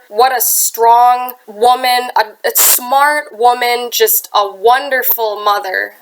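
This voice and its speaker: A young woman with a Midwestern accent hosts a true crime story, her voice a touch high and thickened by a sinus infection. She talks earnestly and chattily, dropping in casual asides. The home recording sounds harsh and clips now and then. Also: fairly bright tone, a little hiss or hum, rough recording. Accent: American Midwestern. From United States. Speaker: true crime channel host.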